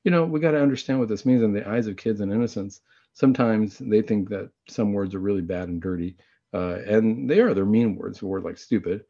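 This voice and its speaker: A man hosting a Catholic talk show, chatting in a casual, conversational way and often clearing his throat. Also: lowish voice, fairly quick, dark tone. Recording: dull lo-fi recording.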